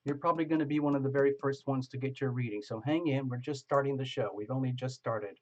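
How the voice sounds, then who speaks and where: A man's voice: mid-range voice, quick pace, muffled recording. A man hosting a live tarot stream, chatting casually, greeting viewers by name and laughing often.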